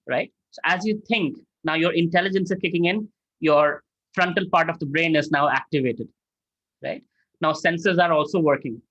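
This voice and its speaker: A middle-aged man giving a lively lecture-style answer on an online call, acting out angry quotes and asking "right?" often. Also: on the high side, no room sound. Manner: animated, acts out angry quotes, asks "right?". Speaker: spiritual mentor answering questions. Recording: dull lo-fi dry sound.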